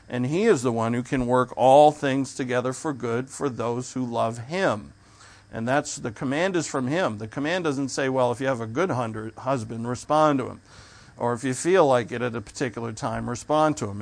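A man, a pastor, preaching a measured sermon with frequent fillers, restarts and throat clearing. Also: mid-range voice.

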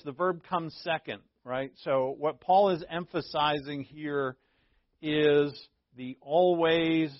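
A man's voice: on the high side, no echo. A man preaching as a pastor in informal Bible teaching, conversational and joking, often checking in with his listeners. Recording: dull lo-fi dry recording.

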